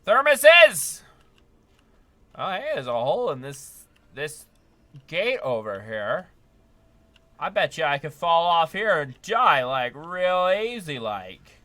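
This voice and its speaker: Bright, chatty male game streamer. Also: fairly high pitch, big pitch swings, slow. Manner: chatty, upbeat, laughs often, talks to chat. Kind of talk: live gameplay commentary.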